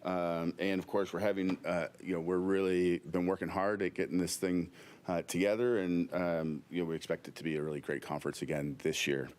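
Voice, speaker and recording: Deep-voiced folksy man. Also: little pitch movement, brisk, a little mellow. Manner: folksy, filler-heavy, joking. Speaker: agency staff presenter. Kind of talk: meeting announcements.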